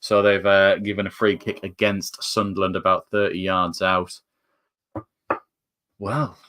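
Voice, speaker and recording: A man's voice: deep voice, level tone, unhurried, sharp tone. A man with a northern English accent giving jokey live fan commentary on a football match, his voice climbing with the action. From northern England. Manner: chatty, jokey, rises sharply with the play.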